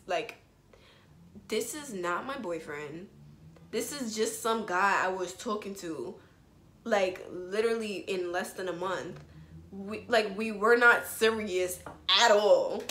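A woman's voice: mid-range voice, slight background noise. Chatty young woman in an echoey room. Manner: animated, slangy, lots of "like" and "bro". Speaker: vlogger telling a personal story. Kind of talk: casual storytime chat to camera.

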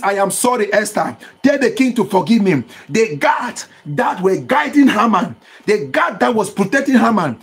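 A man's voice: very high-pitched, creaky, breathy edge. A male pastor preaching with fervor, calling for responses from listeners and breaking into bursts of tongues. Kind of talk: impassioned sermon with speaking in tongues.

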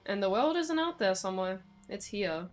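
A woman's voice: medium pitch, animated, normal speed, soft background music, natural voice. A woman voicing a stern small-town female police officer in a game, speaking in a cold, warning way. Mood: lecturing.

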